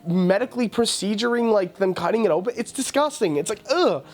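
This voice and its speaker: A man's voice: sits high, lively intonation, brisk, faint music behind. A man hosting a podcast in a casual film review rant, profane, exasperated and mocking. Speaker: podcast host.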